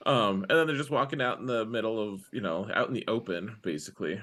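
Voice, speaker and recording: A young man co-hosting a relaxed podcast chat in a lowish voice. He rambles through his thoughts with plenty of fillers, slipping into quick quoted lines as he retells scenes. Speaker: podcast co-host. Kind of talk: casual chat.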